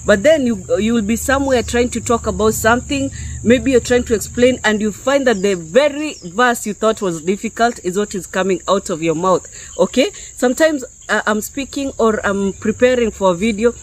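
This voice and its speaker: A woman's voice: fairly high pitch, normal speed, low-quality recording. A woman from Kenya giving an unscripted spiritual teaching to her online viewers, talking conversationally and often checking in with "yeah?" and "okay?". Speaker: YouTube preacher.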